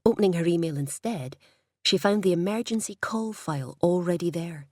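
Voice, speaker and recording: Woman, audiobook narration, husky, lowish pitch, dry close mic. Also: normal speed, darkish tone, no room sound. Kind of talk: scripted narration.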